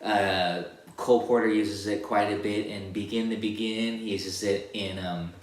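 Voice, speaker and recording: A man giving a casual guitar lesson, counting beats and singing rhythms as syllables in a relaxed, rambling way. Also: fairly low pitch, a little slow. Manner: sings rhythms as syllables while demonstrating on guitar; relaxed, rambling explanations with restarts. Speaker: guitar teacher. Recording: roomy room with loud guitar playing.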